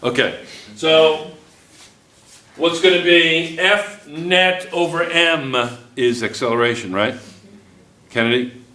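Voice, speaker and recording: A man's voice: on the high side, takes it slowly, pauses often, pushed and bright, distant mic. A man teaching a physics class, joking and teasing his students as he works through problems. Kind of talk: classroom lesson. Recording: echoey classroom.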